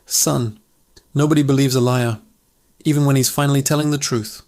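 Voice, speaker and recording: A man voicing a gentle old villager who speaks softly and kindly. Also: mid-range voice, steady tone, close to an everyday voice. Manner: gentle, quick.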